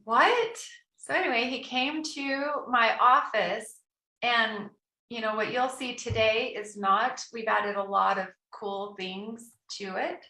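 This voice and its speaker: Bright-voiced woman telling her story. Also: fairly high pitch, slow pace. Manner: animated, quotes her own thoughts aloud. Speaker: guest entrepreneur. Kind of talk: personal storytelling in an interview. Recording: echoey room.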